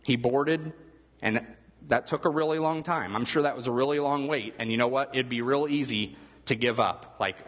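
A man's voice: medium pitch, moderate pace, a bit bright, husky, in a large hall. A male pastor giving a conversational sermon, asking his listeners questions as he goes. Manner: conversational, asks the room questions.

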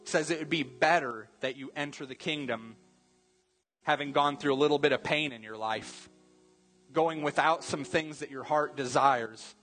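A man preaching a sermon as pastor, earnest, repeating key phrases and slowing down for emphasis. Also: fairly high pitch, fairly bright tone, slightly rough, soft background music.

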